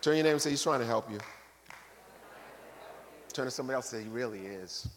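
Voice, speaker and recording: A man preaching a sermon as bishop, animated, acting out the people he quotes, swinging between loud bursts and quiet asides. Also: mid-range voice, quick pace, noisy background. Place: large church sanctuary. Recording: long reverb of a large hall.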